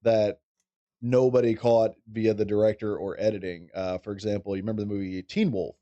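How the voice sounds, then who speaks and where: A man co-hosting a laid-back podcast with a lowish voice. He talks in a relaxed, rambling way, wandering through what he remembers. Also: fairly quick, dull audio. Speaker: podcast co-host. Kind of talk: casual chat.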